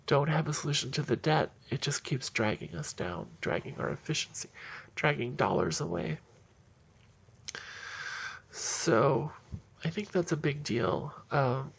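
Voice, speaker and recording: A man's voice: mid-range voice, vocal fry, husky. A man giving heated, indignant solo political commentary in a ranting manner.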